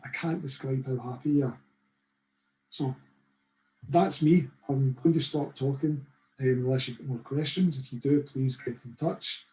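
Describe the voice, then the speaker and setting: Chatty Scottish man with a mellow voice. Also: medium pitch, echoey room, low-quality recording. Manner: chatty storytelling, frequent "right?". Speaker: course leader. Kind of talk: webinar talk with anecdotes. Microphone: video call.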